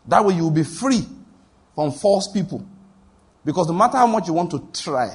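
A man's voice: fairly high pitch, slightly rough. A man preaching a sermon as a pastor, telling stories and acting out the voices of the people in them. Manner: storytelling, acts out quoted voices, laughs at his own anecdotes.

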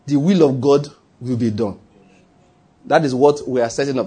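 A man's voice: medium pitch, measured pace, mellow, slightly rough. A man preaching a sermon as pastor, talking in a conversational way, repeating his key phrases and asking the congregation questions.

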